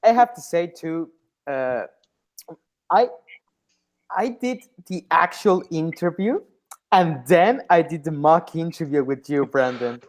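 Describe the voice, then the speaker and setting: Enthusiastic woman with a low voice. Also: animated, slow, long pauses, a little mellow. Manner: enthusiastic, gushing. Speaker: tabletop player. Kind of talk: casual chat.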